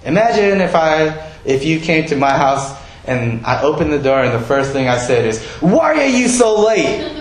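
A man's voice: medium pitch, moderate pace, hardly any pauses, reverberant, poor audio. A male pastor giving a sermon in a conversational way, asking his listeners questions.

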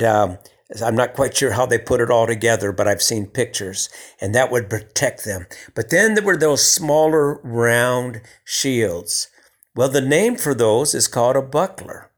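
A man preaching a sermon in a conversational way, building to emphatic lines and dropping to hushed, soft passages. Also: mid-range voice.

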